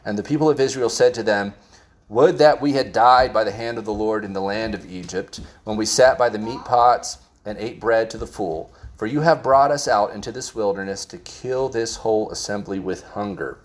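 A man's voice: lowish voice, moderate pace. A man preaching a sermon, reading scripture passages aloud and explaining them in plain words, often restarting his sentences.

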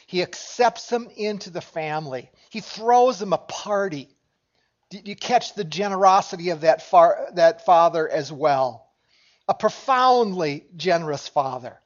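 A pastor delivers a sermon from a church with a notably high-pitched male voice. He talks with his congregation in a conversational way and puts questions to them as he goes. The sound is dull and lo-fi. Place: church sanctuary.

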